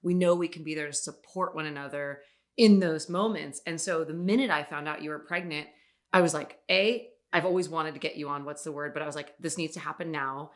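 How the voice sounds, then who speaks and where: Brief: young woman host, very low voice, encouraging, casual talk. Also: brisk. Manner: warm, encouraging. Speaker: podcast host.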